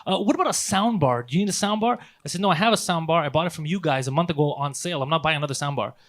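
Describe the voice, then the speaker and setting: A man co-hosting a comedy podcast, telling a story in a casual, animated way with plenty of swearing. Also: on the high side, racing. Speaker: podcast co-host.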